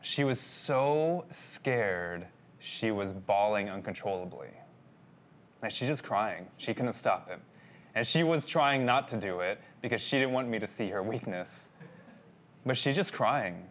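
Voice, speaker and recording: A man's voice: on the low side, expressive, measured pace, a little hiss or hum. A man telling a personal story in a sermon, talking casually and addressing his listeners as guys. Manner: conversational, addresses audience as guys. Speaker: pastor.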